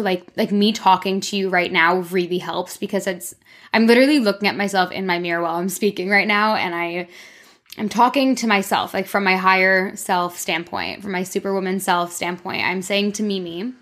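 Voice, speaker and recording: A woman hosts a loose, unscripted solo podcast from her own room. She talks candidly and rambles, filling her speech with "like" as she gives herself a pep talk. Her voice sits at an ordinary middle pitch for a woman. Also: a bit bright. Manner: candid, rambling, self-encouraging with many "like"s. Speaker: podcast host. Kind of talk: casual solo podcast monologue. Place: her own room, speaking toward a mirror.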